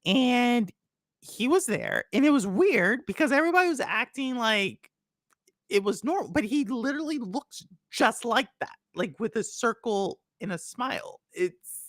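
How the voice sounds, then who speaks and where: A woman's voice: on the high side, lively intonation, a little slow, dry recording, studio quality. A woman hosting a casual podcast chat, telling a rambling story full of "like" and restarts. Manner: rambling, filler-heavy storytelling. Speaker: podcast host.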